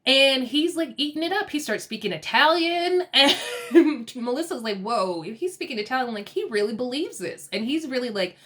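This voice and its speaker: A woman's voice: high-pitched, normal speed. Laughing, chatty woman recapping a show. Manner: chatty, laughs often, acts out quotes in lively bursts. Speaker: TV recap vlogger. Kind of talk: casual episode recap.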